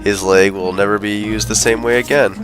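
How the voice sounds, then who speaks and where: A man running a tabletop game as game master, animated and laughing often. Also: fairly low pitch, fairly quick, soft background music.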